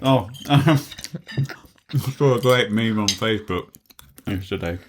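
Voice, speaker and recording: A man's voice: on the low side, slow pace, background noise. A man hosting a podcast at home, rambling and joking, laughing often while eating at the table. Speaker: podcast host. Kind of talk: casual chat.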